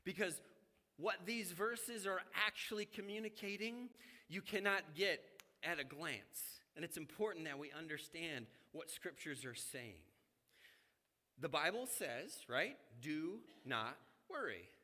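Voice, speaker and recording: Male preacher, fairly high bright voice, lively sermon delivery, church hall echo. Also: unhurried. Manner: conversational, animated, addresses congregation directly. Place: church sanctuary.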